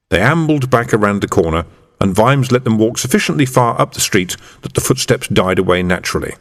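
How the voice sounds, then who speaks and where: Male audiobook narrator with lively intonation. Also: fairly low pitch. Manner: measured storytelling with lively intonation. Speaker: audiobook reader. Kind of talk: scripted narration. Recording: reverberant room.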